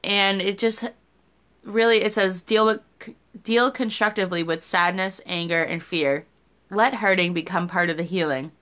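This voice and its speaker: Young woman vlogger, bright crisp voice, candid and rambling, cusses casually. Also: medium pitch, steady tone, normal speed. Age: young adult. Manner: candid, rambling, swears freely. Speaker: YouTuber. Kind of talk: casual vlog chat.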